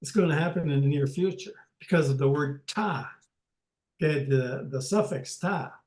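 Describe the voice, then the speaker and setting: An older man teaching a language lesson over a video call, speaking haltingly with many pauses and restarts. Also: a little high, a little mellow, echoey room, rough recording.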